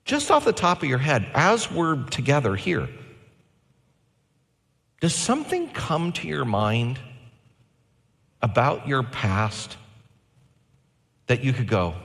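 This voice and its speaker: A pastor in his forties delivering a sermon with animated, varied delivery and slow, emphatic phrases. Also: mid-range voice, creaky, long reverb tail.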